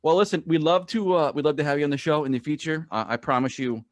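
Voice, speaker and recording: A man's voice: fairly high pitch, fast, no echo. A man from New England hosting a casual podcast, full of profane, joking banter. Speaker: podcast host.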